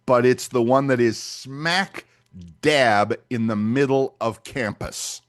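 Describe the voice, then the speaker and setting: A man's voice: medium pitch, slow. An older man co-hosting a podcast, chatting casually and acting out little scenes as he tells stories. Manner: animated storyteller, acts out dialogue. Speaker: podcast co-host. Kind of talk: casual chat.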